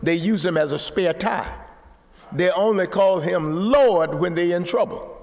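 A man preaching a sermon, repeating words and rising to shouts. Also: high voice, measured pace, big-room sound. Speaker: pastor.

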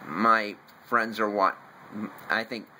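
A young man, in his teens, reviewing a movie at home in a rambling, excitable way, talking in bursts. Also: on the low side, slow, low-quality recording. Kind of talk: casual home video review. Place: room at home, family in the house. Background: faint TV noise from downstairs.

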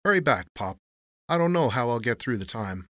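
A man's voice: mid-range voice, very animated, normal speed, fairly bright tone, no room sound, clean studio sound. A man voicing a lazy, smug young hotel clerk who drawls and mocks. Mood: mocking. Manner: drawling, mocking.

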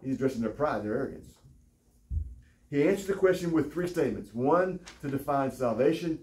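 A man preaching a sermon, teaching from the text with emphatic pauses. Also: medium pitch, animated, a little mellow, echoey room, distant mic, poor audio. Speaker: pastor.

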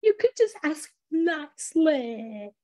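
A woman voicing an expressive male belly button monster in a storybook tale, talking through a wide-open mouth in an exaggerated, sulky way. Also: high-pitched, slow pace, voice pushed up, full character voice. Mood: huffy.

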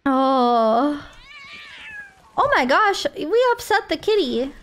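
A woman gaming on a live stream talks slowly in a high-pitched, fairly bright voice with big swings in pitch. In casual conversation she thanks her viewers emotionally, tearful and close to crying.

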